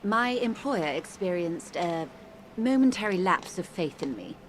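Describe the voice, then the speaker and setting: An actress voicing a composed, formal woman negotiator in a video game, measured and polite. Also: on the low side, lively intonation, noisy background.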